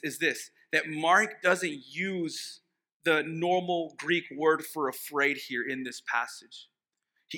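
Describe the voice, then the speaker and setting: A man's voice: fairly high pitch, bright, forceful tone. A man preaching a sermon as pastor, conversational and emphatic, joking with the congregation and restarting phrases.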